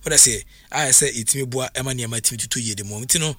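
A man's voice: medium pitch, fast, bright, forceful tone, no echo. A Ghanaian man hosting a sports radio talk show, chatting loosely with many fillers.

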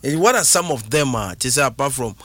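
A man's voice: medium pitch, animated, a little fast, bright, forceful tone, dry recording. Man, interviewer, affirming, probing questions. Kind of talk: casual interview.

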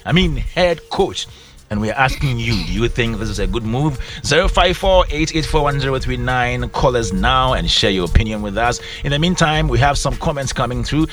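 A man's voice: medium pitch, expressive, brisk, hardly any pauses, a bit bright, distant mic, soft background music. A man with a Ghanaian English accent hosting a morning radio chat in a studio, bantering playfully with co-hosts and callers. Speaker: radio show host.

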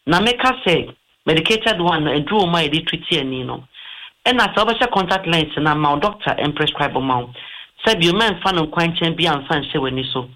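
Bright-voiced Ghanaian man, eye doctor. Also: on the high side, expressive, fairly quick, poor audio. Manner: explanatory, mixes English terms into Twi. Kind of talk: health advice talk on radio or TV.

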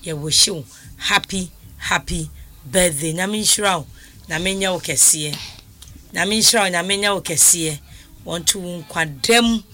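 A woman with a Ghanaian accent hosting a casual radio call-in show, chatty and quick to laugh, singing greetings to listeners. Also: on the low side, bright, forceful tone.

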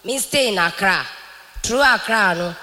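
A woman telling an animated church testimony, mixing in English. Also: medium pitch, measured pace, big-room sound, a little hiss or hum. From Ghana. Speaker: church member giving testimony.

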